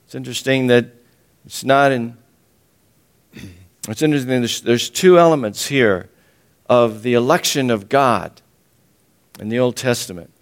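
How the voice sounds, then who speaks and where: A man preaching a sermon and teaching from the Bible, emphatic, repeating his phrases, often clearing his throat and chuckling. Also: mid-range voice, unhurried, long pauses.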